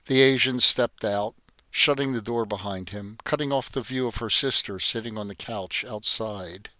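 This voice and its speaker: Male narrator, bright voice, dry close sound, steady reading. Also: fairly low pitch, normal speed, no room sound. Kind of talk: scripted narration.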